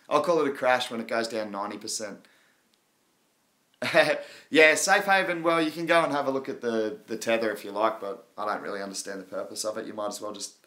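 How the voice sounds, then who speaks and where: A man's voice: medium pitch, pushed and bright. Guy hosting a live crypto chat, rambly and laid back, laughs a lot. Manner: rambling, chatty, laughs often. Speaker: crypto livestream host. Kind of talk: casual livestream chat.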